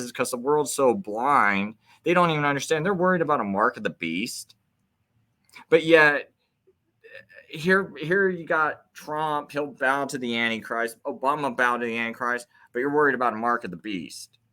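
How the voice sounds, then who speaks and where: A man's voice: on the high side, moderate pace, pushed and bright. A man hosting his own video, talking in a rambling, heated monologue full of restarts. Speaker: video host. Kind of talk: casual ranting monologue.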